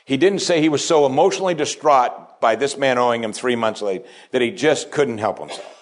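A pastor preaching a sermon, dropping to quiet asides and then rising to strong, emphatic lines. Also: male voice, mid-range voice, a little fast. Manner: preaching with wide swings between hushed asides and raised, emphatic lines.

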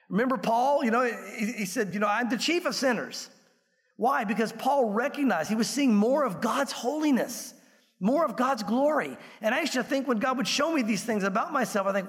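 A male pastor preaching a sermon in an animated way, acting out little scenes with changing voices. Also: sits high. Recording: long hall reverb.

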